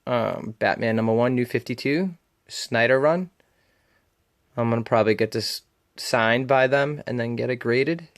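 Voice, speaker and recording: A man's voice: medium pitch, normal speed. A man with a Boston accent chatting casually in a show-and-tell vlog, rambling with frequent ums and uhs as he talks about his comic collection.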